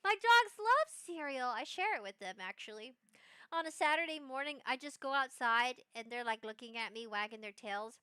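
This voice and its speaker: Bubbly high-voiced woman streamer. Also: moderate pace, smooth, dry recording, studio quality. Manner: bubbly, rambling, bursts of excited squealing. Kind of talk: casual live-stream chat.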